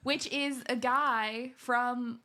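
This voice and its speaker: A woman co-hosting a podcast in casual chat, chatty and animated, laughing often. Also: on the high side, extremely slow, slight background noise. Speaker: podcast co-host.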